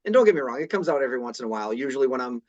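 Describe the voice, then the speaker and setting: A man's voice: mid-range voice, sing-song, rapid-fire, highs cut off. A man from the Boston area talking casually on a podcast, often repeating words as he starts his sentences. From Boston area, USA.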